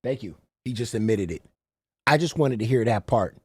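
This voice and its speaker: A man's voice: fairly low pitch, lively intonation, moderate pace, a little mellow, a little hiss or hum. A man, a reaction streamer who mocks and swears freely, often calling people "bro". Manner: incredulous, mocking, swears freely, repeats "bro". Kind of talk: profane reaction commentary.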